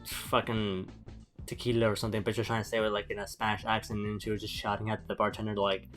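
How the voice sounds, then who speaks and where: A man's voice: on the low side, flat delivery, fast, a bit bright, faint music behind. A man chatting casually as co-host, telling a loose rambling anecdote. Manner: rambling, many fillers and restarts. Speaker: podcast co-host. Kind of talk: casual banter.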